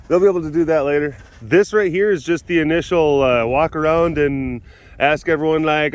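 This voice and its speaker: A man's voice: on the high side, brisk. A man working as an animal caretaker, chatting casually as he walks the rounds outdoors and laughing often. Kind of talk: casual vlog walkthrough. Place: outdoor animal facility in winter.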